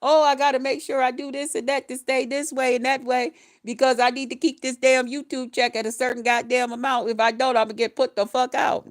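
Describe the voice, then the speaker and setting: Blunt profane woman in her fifties, high voice. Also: little pitch movement, brisk, few pauses, a bit bright. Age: 50s. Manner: blunt, profane, chanting repeated phrases. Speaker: retired nurse, YouTuber. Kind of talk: profane ranting vlog.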